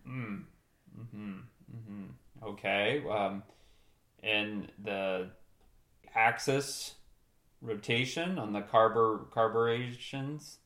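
A man improvising comedy as a bumbling, deadpan handyman host. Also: lowish voice, drawn-out words, roomy sound.

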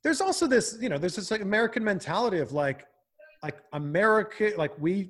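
Male host from Canada, chatty and animated, fairly high voice, very lively pitch. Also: brisk. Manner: animated, laughs often, chatty with many fillers. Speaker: broadcaster and host. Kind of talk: casual podcast chat.

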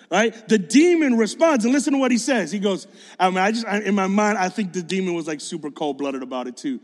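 A man's voice: sits high, lively intonation, a little fast. A male preacher giving a sermon in a casual, slangy storytelling manner. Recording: long hall reverb.

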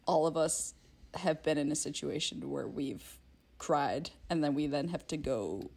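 A woman's voice: low-pitched, measured pace, creaky, darkish tone, husky. A woman co-hosting a film podcast, chatting casually and rambling with lots of filler words. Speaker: podcast co-host.

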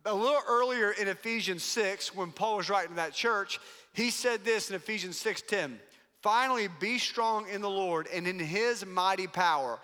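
A man's voice: high voice, moderate pace, sharp tone, smooth. A male pastor preaching a sermon to his church in an emphatic, playful way. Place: large church auditorium. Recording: long hall reverb.

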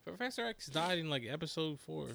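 A man co-hosting a casual podcast, loud, blunt and joking, full of profanity. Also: fairly high pitch, expressive, fairly quick, vocal fry, slight background noise. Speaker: podcast co-host. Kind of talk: casual chat.

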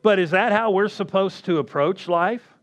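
A man preaching a sermon slowly and emphatically, often asking the congregation questions. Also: sits high.

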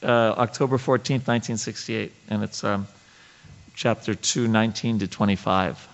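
A man leads a scripture study class, reading passages aloud and explaining them haltingly, with many fillers and restarts. His voice is on the low side, and the sound is lo-fi.

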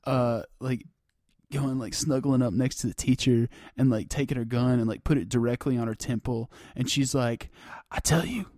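A man's voice: medium pitch, fairly even intonation, normal speed, a little mellow, no echo. Man telling a joking story in dry sound. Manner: storytelling with frequent fillers and laughs; crude, joking delivery. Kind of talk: casual chat.

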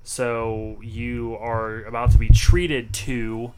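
A man's voice: medium pitch, flat delivery, slow, noisy background. A man co-hosting a podcast, laid-back and drawling with fillers. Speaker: podcast co-host. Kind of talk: casual podcast chat.

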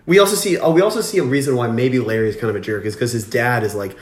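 A quick-talking man co-hosts a podcast, retelling a film scene by scene in a casual chat. He slips into the characters' lines as he goes, and his voice carries some room echo. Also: mid-range voice. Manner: animated, acts out characters' lines. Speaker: podcast co-host. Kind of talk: casual movie recap chat.

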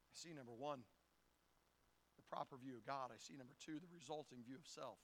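A man's voice: medium pitch, brisk, fairly bright tone. A man preaching a folksy, humorous sermon who acts out little scenes and often stumbles and repeats words. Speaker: pastor.

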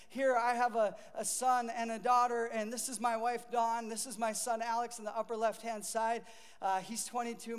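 A middle-aged male pastor preaching a sermon in a conversational way, acting out the voices he quotes. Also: very high-pitched. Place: church sanctuary. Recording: long reverb of a large hall.

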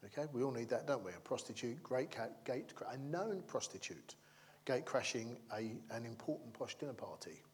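A man with a medium-pitched, expressive voice preaches at a moderate pace, with a little hiss or hum in the recording. His sermon is chatty and humorous; he keeps asking the congregation "yeah?" and acts out the crowd and characters in his stories.

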